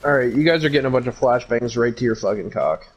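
A man's voice: medium pitch, animated, fast talker, muffled recording. A man joking around while playing a game with friends, goofy and playful. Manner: playful, goofy, sings along. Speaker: gamer. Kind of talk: casual gaming chat with friends.

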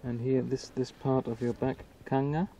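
A man's voice: medium pitch, level tone, normal speed, dark tone, a little hiss or hum. A man eliciting words in a field session, giving English glosses and checking pronunciations. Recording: dull distant old field tape.

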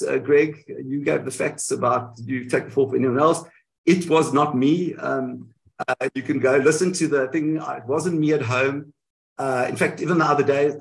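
A South African man, a guest on an online interview, telling his story in a halting way with many restarts. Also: mid-range voice. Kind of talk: conversational storytelling.

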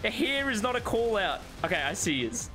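A man casually chatting with friends while playing a co-op zombie game, excitable and jokey, yelping when things go wrong. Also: fairly quick, over music. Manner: excitable, yelps high when in danger; laughs often, jokey. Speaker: gamer streaming co-op with friends. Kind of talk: casual gaming chat.

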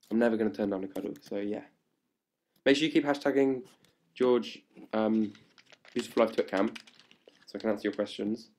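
A young man chatting live to fans on a webcam at home, hyper and playful and growing louder as he goes. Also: on the low side, vocal fry, slight background noise. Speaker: livestream host answering fan questions. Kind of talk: casual live webcam chat. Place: indoors at home. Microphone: laptop webcam mic.

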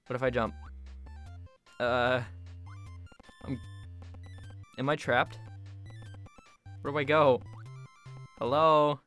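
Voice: mid-range voice, steady tone, slow pace, long pauses, a bit bright, faint music behind. A young adult gaming YouTuber giving casual commentary while playing a hard platform game, often yelping and laughing at sudden deaths. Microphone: phone mic.

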